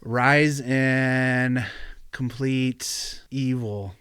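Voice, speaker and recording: A man from the American Midwest chatting as a podcast guest, easygoing and quick to laugh, with lots of fillers. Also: mid-range voice, steady tone, fairly bright tone, smooth, no room sound, clean studio sound. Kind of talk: casual podcast chat.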